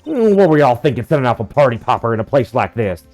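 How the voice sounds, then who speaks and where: A man voicing a brash, feisty young woman photographer with a put-on American Southern drawl, loud and sassy. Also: mid-range voice, very animated, fast, faint music behind, close to an everyday voice.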